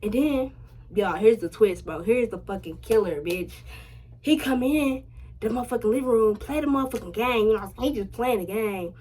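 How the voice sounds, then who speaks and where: A young adult woman telling a personal story to her viewers in a casual vlog, slangy and full of swearing, getting louder and higher when excited. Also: fairly quick, slightly rough. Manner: chatty, slangy and profane, addressing viewers directly; animated, rising loud and high when excited. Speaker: vlogger.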